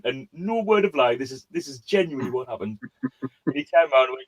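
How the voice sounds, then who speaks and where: A man's voice: mid-range voice, expressive, brisk. A man hosting an online quiz, chatting casually and telling a rambling story with lots of fillers and restarts. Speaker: quiz host. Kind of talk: casual chat.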